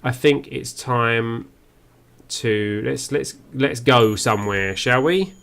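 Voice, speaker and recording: A man's voice: medium pitch, takes it slowly, creaky, fairly bright tone. A man giving first-play game commentary, musing aloud and reading on-screen text as he goes. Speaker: game streamer.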